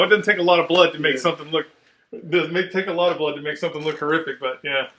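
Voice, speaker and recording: A man with a fairly high, bright and forceful voice tells stories in a loose, casual chat. He swears freely and acts out the people in his stories with lively delivery. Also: very fast, hardly any pauses, slight background noise. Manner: profane, animated storyteller. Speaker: podcast host, Marine veteran.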